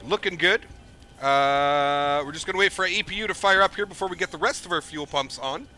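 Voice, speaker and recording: A man's voice: fairly high pitch, fairly quick, bright, forceful tone. A young man streaming a flight simulator, chatting upbeat and thanking donors over and over. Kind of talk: live gameplay commentary.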